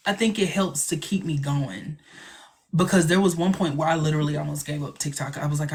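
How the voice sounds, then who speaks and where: A man's voice: on the high side, fairly even intonation, fairly quick, a little mellow. A man hosting a casual live stream, chatting and joking with a sarcastic edge.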